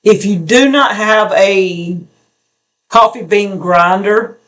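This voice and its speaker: A woman co-hosting a homestead channel, rambling in a folksy way through viewer comments with halting restarts. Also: mid-range voice, fairly bright tone. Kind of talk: casual porch chat reading viewer comments.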